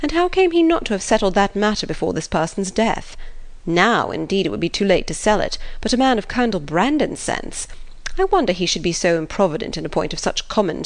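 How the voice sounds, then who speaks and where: A woman reading the part of a pompous, fussy gentleman who lectures his sister. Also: mid-range voice. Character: pompous fussy gentleman, self-important brother.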